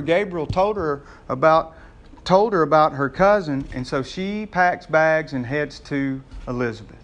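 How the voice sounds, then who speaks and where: A male pastor preaching a sermon in a folksy, conversational way and joking with his congregation. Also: a little high.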